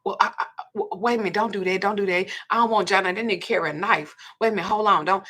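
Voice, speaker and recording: A woman voicing a smooth-talking middle-aged male pastor who turns nervous and stammering while she retells a story. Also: mid-range voice, fast talker, pushed and bright. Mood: flustered. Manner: coaxing, then flustered and stammering.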